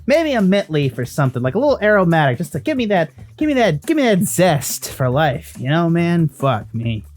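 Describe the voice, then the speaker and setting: A man voicing a foul-mouthed, hard-drinking female casino patron in a tabletop game, gruff and blunt. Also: a little high, sing-song, brisk, darkish tone, soft background music. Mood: demanding.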